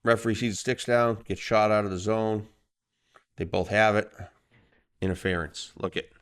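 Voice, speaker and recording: A middle-aged man, a referee co-hosting a casual podcast, telling stories with lively acted-out quotes. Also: fairly low pitch, normal speed, smooth. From Boston. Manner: animated storyteller, acts out voices in quotes. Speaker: hockey referee and podcast co-host.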